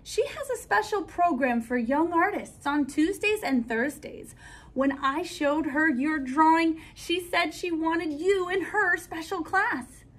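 A woman reading aloud from a storybook, voicing a kind male schoolteacher who speaks with gentle encouragement. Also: very high-pitched, unhurried, voice pushed up. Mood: encouraging.

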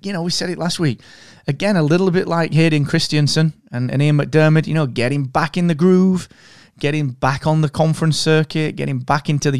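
A man's voice: on the high side, normal speed, no echo, studio quality. A man co-hosting a podcast, chatting casually with friendly enthusiasm. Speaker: podcast co-host. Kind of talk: casual chat.

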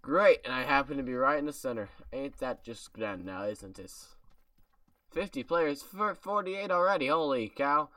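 This gaming creator, at home, comments on his gameplay in a medium-pitched, sharp voice with lively intonation and a moderate pace. The distant mic picks up no room sound. He plays around and jokes with his viewers, using an invented accent.

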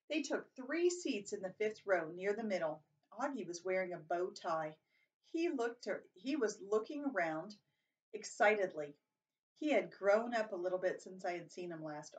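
A woman's voice: mid-range voice, distant mic. A woman reading a first-person novel aloud, plainly, with occasional stumbles and self-corrections. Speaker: reader.

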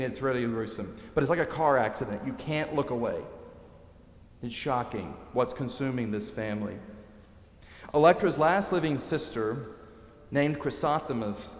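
A male priest preaching a sermon, telling a story in a lively way and acting out the quotes. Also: mid-range voice, normal speed. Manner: animated storyteller, dramatizing quotes. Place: church. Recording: echoey church, long reverb.

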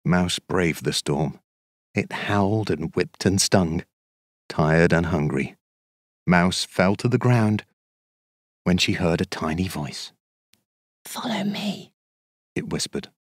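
A man narrating a children's storybook in an expressive, measured, sing-song way. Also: low voice, no echo, studio quality.

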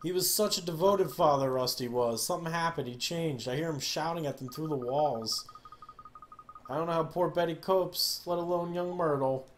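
A confiding, gossipy middle-aged neighbor woman from a storybook game, as a man reads her lines. She leans in to share her worries in a fairly high voice, sighing between them. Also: moderate pace, a little hiss or hum, natural voice. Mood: gossiping. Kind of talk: reading game dialogue aloud.

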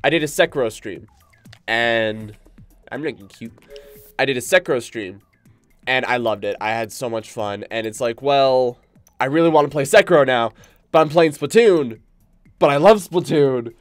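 A gaming streamer with a mid-range voice commentates his own gameplay live at a moderate pace, excitable and rambling. The game spooks him easily, and its music plays behind him.

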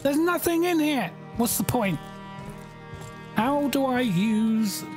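Animated gamer thinking aloud. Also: sits high, takes it slowly, music in the background. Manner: bemused, exclaiming, thinks aloud. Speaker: game streamer. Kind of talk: live gameplay commentary.

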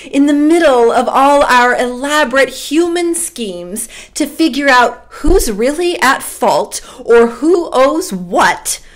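Slow, animated woman preaching. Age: middle-aged. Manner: slow, warm storytelling with lively pitch. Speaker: pastor. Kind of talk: sermon with personal story.

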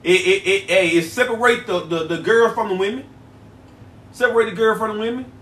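A man talks loosely with viewers on a livestream. His voice sits high, and he circles back to the same phrases again and again. The sound is roomy and slightly distant from the mic. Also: fairly bright tone. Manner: loose, repetitive, chatty, drawn-out phrases. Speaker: livestream host selling herbal products. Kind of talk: casual livestream chat with viewers. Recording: echoey room, voice a bit far from mic.

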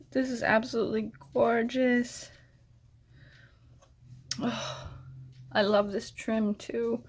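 A woman vlogger casually chatting as she unboxes craft mail, gushing with gasps of delight and talking softly to her friend. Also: a little high, fairly even intonation, takes it slowly, pauses often, breathy edge. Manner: soft-spoken, addresses her friend directly.

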